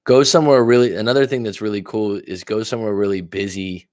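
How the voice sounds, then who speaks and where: On a livestream, a man with a fairly low voice talks casually as a dating coach, answering viewer comments one after another. He tells stories candidly and bluntly, swearing now and then. The sound is dry and close, with no room echo. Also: fairly even intonation, fast talker, darkish tone. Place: lives in Thailand.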